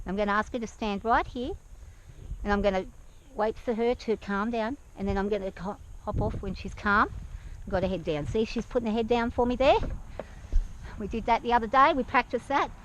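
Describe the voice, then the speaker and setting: Nervous woman talking from horseback. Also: a little high. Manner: anxious, hesitant, soothing her horse softly. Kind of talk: talking to camera while riding. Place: outdoors on a farm, on horseback. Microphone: action camera worn by the rider. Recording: outdoor action-camera audio.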